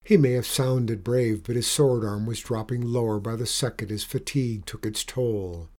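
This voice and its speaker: A man narrating a storybook in an expressive, dramatic reading. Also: medium pitch, moderate pace.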